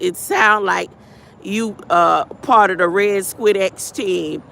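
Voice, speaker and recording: A woman on a livestream who rambles and preaches as she answers her chat. Her voice is gravelly and bright, and she takes her time over every phrase. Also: lowish voice, slight background noise. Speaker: livestream host. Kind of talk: livestream chat and spiritual affirmations.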